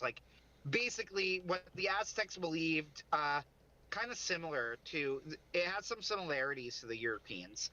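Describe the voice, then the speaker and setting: A man's voice: on the high side, animated, moderate pace, bright, forceful tone, rough recording. A man co-hosting a casual livestream chat, rambling and interrupting himself, often breaking into laughs. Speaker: podcast co-host.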